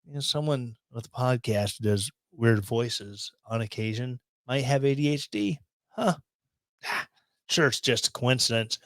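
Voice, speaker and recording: A man's voice: mid-range voice, unhurried, fairly bright tone, dry recording. A man hosting a podcast, commenting on the news in a rambling, self-deprecating way with sarcastic asides, into a studio microphone. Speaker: podcast host.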